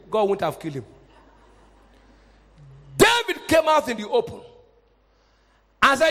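A male pastor preaching a fervent sermon, jumping from loud shouts down to quiet asides. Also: very high voice, sing-song, a little slow. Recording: hall reverb.

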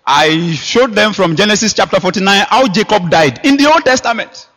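A man preaching a sermon, emphatic, with sharp rises and quiet drops. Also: high voice, animated, normal speed. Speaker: pastor. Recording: long hall reverb.

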